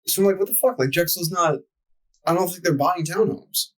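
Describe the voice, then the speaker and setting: A man's voice: high voice, moderate pace, rough recording. A young man telling a profane, exasperated story in casual podcast chat as co-host.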